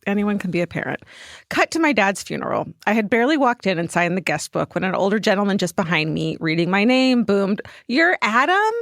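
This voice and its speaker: A woman co-hosting a podcast, reading a listener's story aloud in a lively, dramatic way. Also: medium pitch, creaky, dry recording, clean studio sound. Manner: animated storytelling with dramatic pauses. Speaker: podcast co-host.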